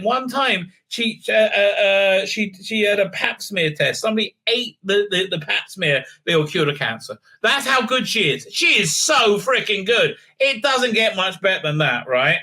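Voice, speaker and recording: A man's voice: sits high, bright, forceful tone. A man hosting a casual episode recap, talking in a rambling, sarcastic way with many fillers and restarts. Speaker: show host reviewing TV episodes.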